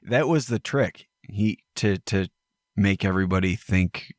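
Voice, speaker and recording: A man's voice: on the low side, measured pace, dry recording, studio quality. A man co-hosting a podcast in casual chat, riffing playfully and laughing a lot. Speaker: podcast co-host.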